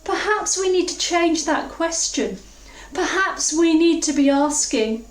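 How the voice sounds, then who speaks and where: A high-voiced woman gives a slow, earnest sermon in a church. Her voice echoes around the room and sits some way off the mic. She is reflective and leans on key words. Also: animated. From England. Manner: reflective, earnest preaching with slowed emphasis. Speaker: preacher. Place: church hall. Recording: roomy, distant mic.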